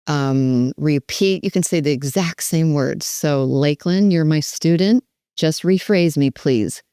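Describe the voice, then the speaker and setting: Warm, emphatic woman coaching caregivers. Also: deep voice, smooth, no echo, studio quality. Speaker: dementia care educator. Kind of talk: teaching with role-play demonstrations.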